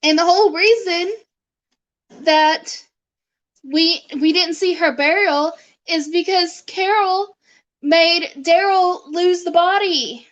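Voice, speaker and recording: A high-pitched young woman chats loosely on her live stream, talking to her viewers and calling over her dog. She speaks at an unhurried pace and laughs often as she goes. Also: dull audio. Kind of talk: casual live-stream chat.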